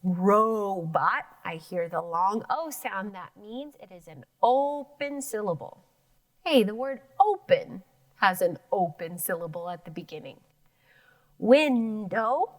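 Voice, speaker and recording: A woman's voice: mid-range voice, expressive, takes it slowly. A woman teaching an elementary phonics lesson, sounding out words syllable by syllable.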